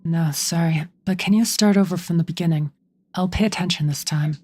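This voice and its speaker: A woman reads a blunt young male mercenary leader from a fantasy game. She keeps it plain and close to her own lower voice. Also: brisk, mellow, breathy edge.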